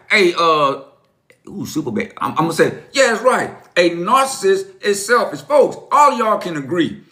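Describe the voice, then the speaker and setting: A man speaks in a fairly high voice, delivering an impassioned live-stream monologue to his viewers. He is direct and preachy, addresses them as folks, and drives each point home by saying it twice. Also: fairly bright tone. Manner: emphatic and repetitive, repeats phrases for effect. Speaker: host of a live stream on narcissistic abuse.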